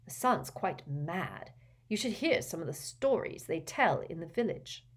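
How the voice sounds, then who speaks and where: A woman puts on a smug young gentleman, offhand and dismissive. It stays close to the reader's own low voice, an audiobook figure. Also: sing-song, unhurried, husky, exaggerated voice.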